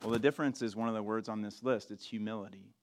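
A man preaching a sermon in a relaxed, conversational way, with frequent restarts and asides. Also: fairly low pitch, quick pace, slight background noise. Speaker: pastor.

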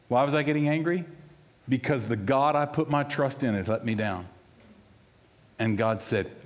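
Conversational preacher in a reverberant church hall. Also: male voice, mid-range voice, expressive, normal speed. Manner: storytelling, conversational, swings between loud and hushed. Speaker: pastor. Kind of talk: sermon.

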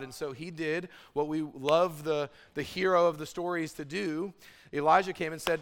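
Animated preacher in an echoing sanctuary. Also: male voice, a little high, normal speed. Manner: animated storytelling with dramatic swings in loudness; sarcastic asides and humor. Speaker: pastor. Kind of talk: sermon.

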